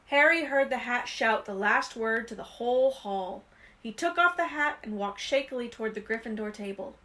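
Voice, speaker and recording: A woman reading a children's fantasy novel aloud with expressive, lively storytelling. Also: a little high, moderate pace. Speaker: reader.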